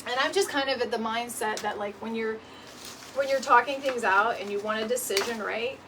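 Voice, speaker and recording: She's a middle-aged DIY decor livestream host with a higher voice, speaking a little fast as she crafts and chats casually. She laughs a lot and keeps saying "y'all" and "right?", and the mic sits at a distance, letting room noise through.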